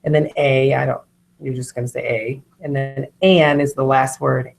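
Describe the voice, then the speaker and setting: A woman teacher explaining spelling lists, sounding out words slowly and carefully. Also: a bass voice, flat delivery, vocal fry. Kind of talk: instructional explanation.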